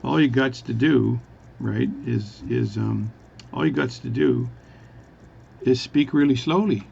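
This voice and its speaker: A man's voice: medium pitch, measured pace, creaky, a little mellow, lo-fi sound, a little hiss or hum. A man voicing a cheerful know-it-all Newfoundland buddy in a spoken joke, in a folksy, raised voice. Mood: confident.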